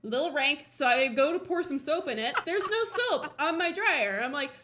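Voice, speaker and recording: A high-pitched woman from Colorado tells a chaotic everyday story on her podcast in a loose, chatty way. Her tone is bright and forceful, and she laughs and swears often. She acts out her own thoughts, jumping up for the punchlines. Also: lively intonation, moderate pace, slight background noise. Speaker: podcast host. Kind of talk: casual storytelling.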